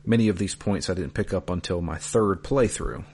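Low-voiced man reading listener emails. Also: normal speed, a little mellow, slightly rough. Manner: reads emails aloud with dry asides. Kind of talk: casual podcast chat.

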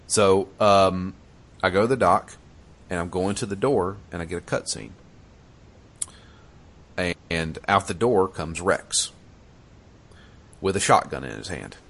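Man, very deep voice, casual gaming chat, animated storyteller, swears freely. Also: measured pace, pauses often.

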